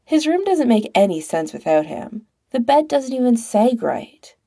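Woman reading as a whiny clingy young guy, voice pitched up a bit, slow and creaky, storybook reading. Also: very animated, warm tone, dry recording, clean studio sound, full character voice. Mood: mournful.

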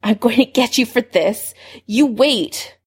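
A woman's voice: on the high side, slow, husky. A woman voicing a bitter teenage wizard who speaks with clipped resentment, in a story reading. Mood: resentful.

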